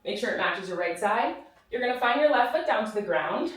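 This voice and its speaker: In a reformer studio with roomy echo and a distant mic, a breathless woman leads follow-along Pilates. Her fairly high, animated voice moves a little fast as she gives encouraging cues and counts the reps.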